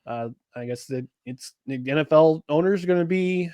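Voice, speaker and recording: Male podcast co-host, slightly high voice, rambling and casual, dry sound. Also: moderate pace, darkish tone, no room sound. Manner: rambling, many restarts and fillers. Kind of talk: casual sports chat.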